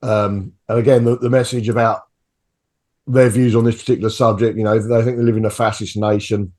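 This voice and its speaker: A man co-hosting a music review show, talking in a halting way with lots of repeated words. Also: lowish voice, flat delivery, darkish tone. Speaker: co-host. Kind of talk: casual music review chat.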